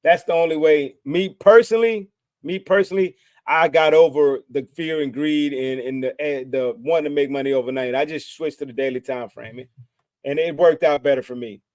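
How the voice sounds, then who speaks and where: A man's voice: mid-range voice, steady tone, moderate pace, darkish tone, no echo. A man with a Texas accent hosting a trading channel, giving a casual, preachy motivational talk to camera, often repeating himself and using slang. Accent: Texan. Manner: repetitive, preachy, informal slang.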